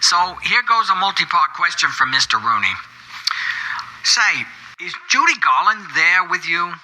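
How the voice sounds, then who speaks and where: Older male caller for a comic bit: a wordy, folksy rambler with a piercingly bright tone. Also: high-pitched, big pitch swings, unhurried, low-quality recording. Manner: rambling, wordy and folksy, piling up quirky questions. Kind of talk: comedic call-in monologue.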